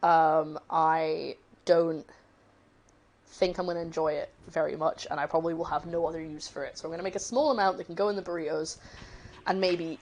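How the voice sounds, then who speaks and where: Lowish woman chatting while cooking. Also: fairly even intonation, brisk, darkish tone. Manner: chatty, rambling, laughs easily, talks to chat. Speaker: cooking livestream host. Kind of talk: casual cooking livestream chat.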